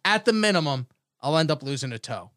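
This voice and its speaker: A man's voice: a little high, big pitch swings, a little fast, fairly bright tone, dry recording, clean studio sound. A man in his thirties telling rambling comic stories as a podcast host, joking and laughing often. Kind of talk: casual comedic storytelling.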